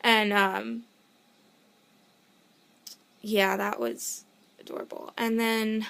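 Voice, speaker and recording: A young woman telling a story in a casual vlog, excitable and rambling, often cutting herself off to start over. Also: mid-range voice, very slow, vocal fry, clear, resonant tone. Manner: excitable, rambling, self-interrupting; gushing fan enthusiasm. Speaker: vlogger.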